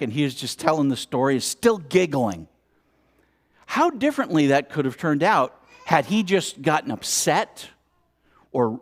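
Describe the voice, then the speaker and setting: A man giving a storytelling sermon at a spiritual center, acting out the scenes with exclamations. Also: fairly high pitch. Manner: animated, acts out scenes with exclamations. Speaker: speaker at a spiritual center service.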